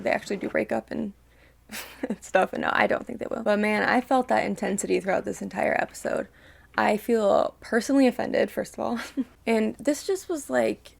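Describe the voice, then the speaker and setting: A woman's voice: mid-range voice, vocal fry, darkish tone. A young woman hosting a reaction video, talking casually and emotionally, ranting and swearing freely.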